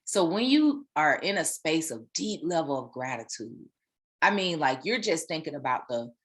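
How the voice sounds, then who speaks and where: Lively preaching woman. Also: deep voice, normal speed. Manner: animated, preachy, with laughs and repeated phrases. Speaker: spiritual teacher. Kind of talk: casual sermon-style motivational talk.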